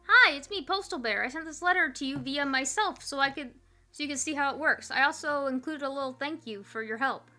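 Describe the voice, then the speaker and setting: A woman's voice: high-pitched, fairly quick, pushed and bright, faint music behind. A woman voicing a cheery male postal bear from a video game, talking in a bubbly, eager way. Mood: cheerful.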